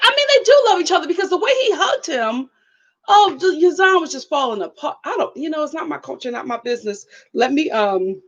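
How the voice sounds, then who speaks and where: Lively high-voiced woman reviewing TV. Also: brisk, low-quality recording. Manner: animated, laughs often, acts out quotes. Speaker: reality TV reviewer, channel host. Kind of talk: casual live show review.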